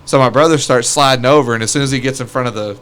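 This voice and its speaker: A man's voice: medium pitch, very fast, a bit bright, a little hiss or hum. A man in casual podcast chat, telling stories in a laid-back way and laughing as he goes.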